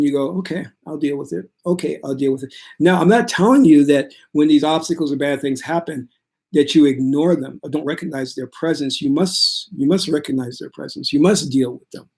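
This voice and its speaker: Calm man giving a spiritual talk. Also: a little high, moderate pace. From United States. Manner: calm, steady, reassuring delivery. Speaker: spiritual teacher. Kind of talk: casual spiritual talk to viewers.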